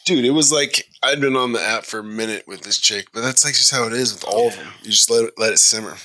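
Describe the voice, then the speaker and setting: Casual podcast guy, rapid and bright, a little low-pitched, rambling storyteller. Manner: rambling storyteller, swears, lots of "like". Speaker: podcast guest. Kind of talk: casual chat.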